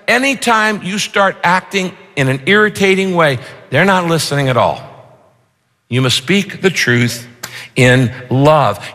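A male pastor delivers a sermon with a lively voice that swings up and down. His tone is bright and on the higher side. A long reverb rings around him from a large church hall. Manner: animated, punchy rhyming lines.

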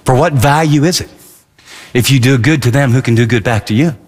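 A man's voice: mid-range voice, a little fast, long reverb tail. A man preaching a radio sermon in an emphatic, conversational way, acting out little asides. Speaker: pastor.

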